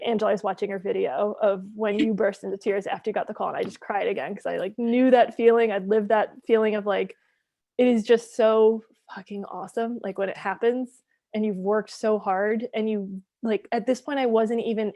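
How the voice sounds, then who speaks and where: A woman in her thirties, a guest author telling a story in a casual podcast chat, animated and full of "like". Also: medium pitch, moderate pace, creaky, no room sound. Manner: animated storytelling, says "like" a lot.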